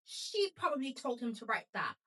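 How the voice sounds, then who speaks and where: A woman's voice: a little high, big pitch swings, normal speed, far from the mic, over loud music. A woman voicing a haughty, scheming middle-aged British mother in a put-on British accent, with a clipped, mock-posh delivery. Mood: snide.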